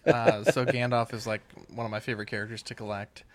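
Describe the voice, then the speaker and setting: A man answering questions as a podcast guest in a relaxed, easygoing way with dry humor. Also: on the low side, quick pace. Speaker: podcast guest and network co-creator. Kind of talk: casual podcast chat.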